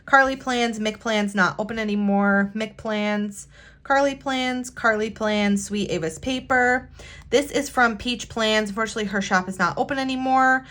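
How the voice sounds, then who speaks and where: A woman from the United States chatting casually while decorating her planner, talking in a halting, hesitant way with sighs and restarts, sincere and heartfelt. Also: a little high, a bit bright. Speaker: planner vlogger.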